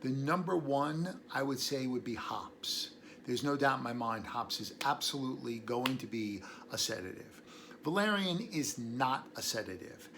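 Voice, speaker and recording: A man's voice: mid-range voice, lively intonation, normal speed, creaky, noisy background. A man hosting a casual educational talk on herbal medicine, rambling into tangents and chuckling between thoughts. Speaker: herbalist host.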